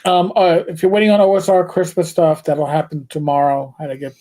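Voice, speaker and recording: A man's voice: a little high, little pitch movement, a little fast, mellow. Older man hosting a casual chat. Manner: joking and profane, tells stories with lots of restarts. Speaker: show host. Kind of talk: casual live-stream chat.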